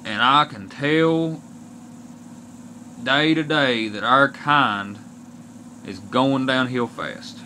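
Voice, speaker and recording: Slow, bright-voiced Kentucky Appalachian man. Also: mid-range voice, slight background noise. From Kentucky, USA. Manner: aggrieved, blunt, swears often, slow and deliberate. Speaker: vlogger. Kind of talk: ranting monologue to camera.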